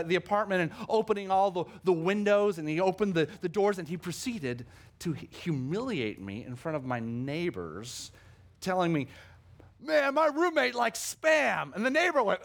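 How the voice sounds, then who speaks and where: Middle-aged male pastor, slightly higher voice, lively storytelling sermon, stumbles and restarts often. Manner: animated storytelling with many restarts.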